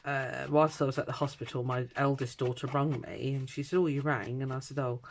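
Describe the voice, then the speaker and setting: In a bass voice and a little fast, a middle-aged woman who vlogs about crafting wanders through an anecdote from her life in casual chat. Slight background noise is audible as she animatedly acts out the voices of those involved.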